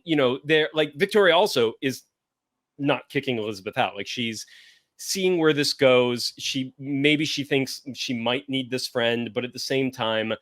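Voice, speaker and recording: A man's voice: medium pitch, fairly bright tone, no echo, clean studio sound. A man hosting a casual podcast chat, talking in a rambling way and searching for words with many fillers. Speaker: podcast host pairing wines.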